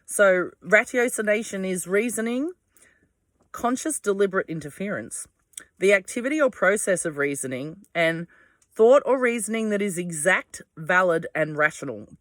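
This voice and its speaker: In a dry, clean studio recording, a mid-range, slightly bright voice speaks expressively at a normal speed. The speaker is an Australian vlogger at home without power, lit by candles, delivering a casual, digressive monologue laced with swearing.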